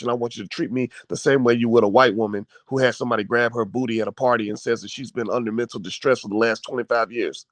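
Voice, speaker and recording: Speaking fast with few pauses, a commentary host rants about politics in an impassioned, preachy way. He stammers, repeats, and swears. His medium-pitched voice is recorded in a dry room with no echo.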